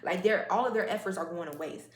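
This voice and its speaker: Low-voiced woman giving a rambling spiritual reading. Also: fast. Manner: rambling, conversational, many fillers and asides. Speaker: oracle card reader. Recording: echoey room, faint noise.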